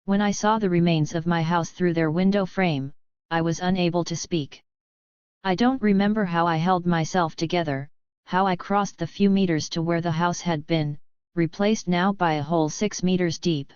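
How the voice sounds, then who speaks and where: A woman reads first-person testimony aloud in a slow, grave, steady audiobook style. Her voice sits low and sounds smooth and clear. The recording is dry and slightly dull, with a lo-fi edge. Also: no room sound. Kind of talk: measured audiobook reading.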